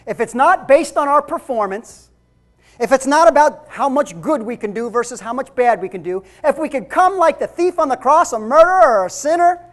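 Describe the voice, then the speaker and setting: A woman pastor giving a conversational sermon, asking the congregation questions and building to shouted emphasis. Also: high-pitched, expressive, moderate pace. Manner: conversational preaching with rhetorical questions, rising to shouts.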